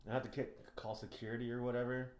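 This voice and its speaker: A man's voice: medium pitch, fast. Profane ranting young man in a roomy house. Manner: swears a lot, rants with animated quoting. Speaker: podcast co-host. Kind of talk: casual profane chat.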